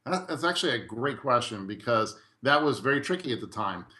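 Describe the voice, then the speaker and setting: A middle-aged man, a guest in a podcast interview, telling his story in a lively way and acting out quoted dialogue. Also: medium pitch, brisk. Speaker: guest real estate investor.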